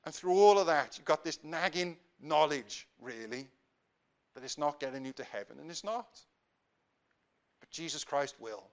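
High-voiced man preaching with fervor. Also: animated. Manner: emphatic, rising to loud stresses and dropping to quiet appeals; slows down on key phrases. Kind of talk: sermon.

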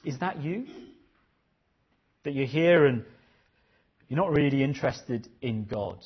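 A man preaching a sermon with earnest, probing questions and frequent repetition. His voice is husky at mid pitch. The recording sounds dull and lo-fi. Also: expressive, unhurried. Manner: earnest, questioning, repeats phrases.

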